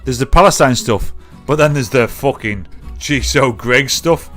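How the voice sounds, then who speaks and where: A man's voice: mid-range voice, moderate pace, fairly bright tone, faint music behind. A man, hosting a livestream and reacting to clips in sweary, mocking chat. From North East England. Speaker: livestream host.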